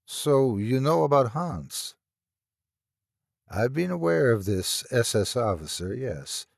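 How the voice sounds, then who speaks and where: A man voicing a professor in a calm, gentle manner in a storybook reading. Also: medium pitch, slow pace, creaky, dry recording, studio quality, full character voice.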